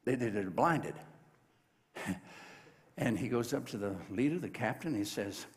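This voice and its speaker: A man's voice: lowish voice, expressive, moderate pace, long pauses, long reverb tail, a little hiss or hum. A man preaching a sermon, telling a Bible story in a folksy, joking way and acting out the voices. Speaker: pastor. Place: large church sanctuary.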